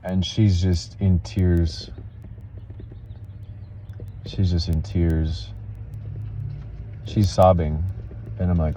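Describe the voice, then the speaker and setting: A man telling an emotional personal story in a halting, earnest way, full of restarts and fillers. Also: low voice, fairly even intonation, dark tone, a little hiss or hum, rough recording.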